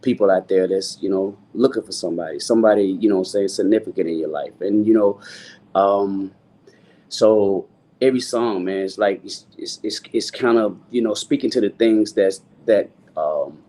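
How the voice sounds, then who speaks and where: Mellow-voiced man, rambling softly. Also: fairly low pitch, moderate pace. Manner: loose, rambling, full of "you know what I'm saying". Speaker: guest singer. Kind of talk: relaxed interview talk.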